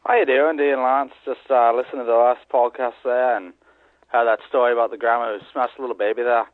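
Man putting on a fake Irish accent, rambling male caller, quick talker, tinny phone line. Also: medium pitch, steady tone, no room sound, close to an everyday voice. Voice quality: put-on Irish-sounding accent. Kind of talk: phoned-in voicemail.

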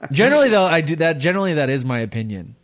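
A man co-hosting a crude comedy podcast, wisecracking and laughing through his lines. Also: fairly high pitch. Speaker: podcast co-host. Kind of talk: casual crude podcast banter.

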